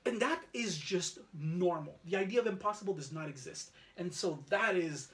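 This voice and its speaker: A man with a high voice tells a family story at an easy, chatty pace. He acts out the lines of the people in it as he goes, cohosting a relaxed conversation. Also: normal speed. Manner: animated storyteller, acts out his son's lines. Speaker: podcast co-host. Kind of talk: casual chat.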